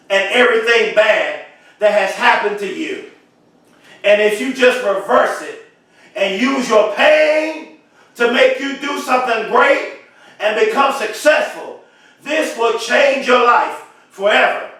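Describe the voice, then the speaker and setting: A man giving an impassioned motivational speech, repeating phrases and swelling into shouts. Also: extremely high pitch, animated, slow. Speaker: motivational speaker. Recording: very echoey, voice far from mic.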